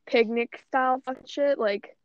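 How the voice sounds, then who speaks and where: A young woman co-hosts a podcast in a high-pitched voice with fairly even intonation and a moderate pace, recorded dry. She rambles through casual chat, swearing often and saying "like" constantly, and the audio sounds dull and lo-fi.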